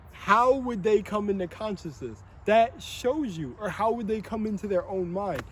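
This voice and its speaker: A young man rambling in a monologue, excitable and swearing often, laughing between phrases. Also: high-pitched, slight background noise. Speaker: vlogger.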